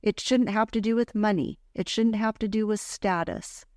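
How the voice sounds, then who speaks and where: A woman's voice: medium pitch, steady tone, normal speed, a little mellow, no room sound. Earnest woman podcast host, dry sound. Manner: earnest, heartfelt storytelling. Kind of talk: casual faith podcast talk.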